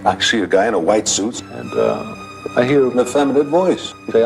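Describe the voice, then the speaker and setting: A man's voice: mid-range voice, wildly swooping pitch, moderate pace, creaky, faint music behind. An older man telling a ghost story from his own life in a conversational way.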